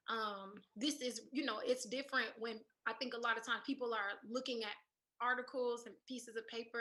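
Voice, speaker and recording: Woman, panel moderator, gentle, hesitant, bright voice, slightly high. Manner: gentle, thoughtful, many "um"s.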